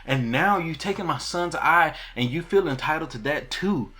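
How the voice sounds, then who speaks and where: A man voicing an indignant queen mother who demands revenge, raising his pitch and pressing his words insistently. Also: very animated, slow, fairly bright tone. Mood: accusing.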